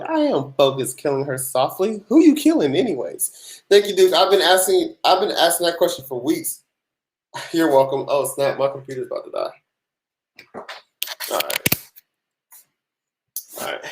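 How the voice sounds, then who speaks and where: Sleepy man on a livestream. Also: fairly high pitch. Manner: laid-back, yawning, sleepy, chatty. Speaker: tax livestream host answering viewer questions. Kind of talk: casual livestream Q&A. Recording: echoey room.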